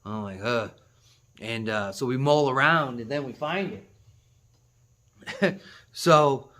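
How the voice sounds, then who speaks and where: Man, hunting vlogger, rambling excited storytelling, bright forceful voice. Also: medium pitch, takes it slowly, long pauses. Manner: excitable, rambling, with laughs and restarts. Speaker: hunting channel host. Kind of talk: casual storytelling to camera.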